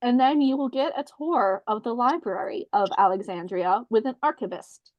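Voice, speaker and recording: A woman's voice: fairly high pitch, normal speed, no room sound, highs cut off. A woman co-hosting a comedy podcast, chatting playfully and reading out trip details. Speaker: podcast co-host. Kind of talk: casual comedic chat.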